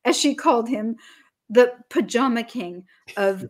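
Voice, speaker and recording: A woman business coach talking as a podcast guest, energetic and emphatic, acting out little scenes as she explains. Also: on the high side, measured pace.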